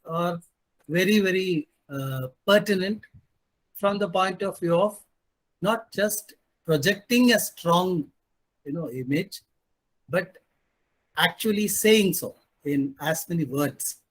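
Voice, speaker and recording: A man's voice: high-pitched, takes it slowly, pauses often. A man speaking as a panelist, emphatic and sarcastic, often answering his own rhetorical questions. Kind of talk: panel discussion commentary.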